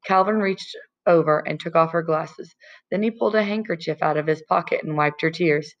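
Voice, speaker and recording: A woman narrating a novel aloud as an audiobook reader, in a calm, even storytelling manner. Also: low-pitched, moderate pace, highs cut off. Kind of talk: scripted narration.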